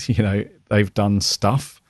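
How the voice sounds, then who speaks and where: A man's voice: lowish voice, steady tone, takes it slowly, dry recording, clean studio sound. A man co-hosting a podcast, talking casually and rambling with many "you know"s. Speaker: podcast co-host. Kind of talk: casual review chat.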